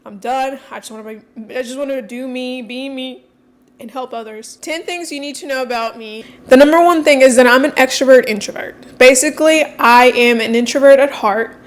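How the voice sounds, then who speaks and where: Candid woman talking fast in a vlog. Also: sits high. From Mexican heritage. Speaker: coach and content creator. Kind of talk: casual personal vlog.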